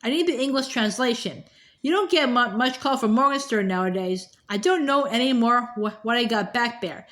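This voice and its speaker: A woman voicing a gruff, haggling older male bookseller with a thick accent who stammers and grumbles. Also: fairly high pitch, animated, normal speed, a bit bright. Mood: grumbling.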